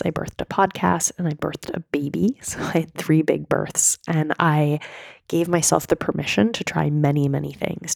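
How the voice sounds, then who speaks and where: A woman in her thirties hosting a solo podcast, coaching listeners in an earnest, direct way while hoarse from a cold. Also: deep voice, darkish tone, no room sound, studio quality. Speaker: podcast host and mindset coach.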